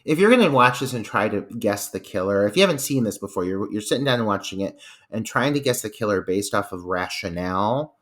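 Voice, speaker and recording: A man chats about a movie on a podcast in a casual, meandering way. His voice sits somewhat low, and his phrasing is loose and full of fillers and restarts as he works out his point. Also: lively intonation, fairly quick, fairly bright tone. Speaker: podcast co-host. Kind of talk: casual film discussion.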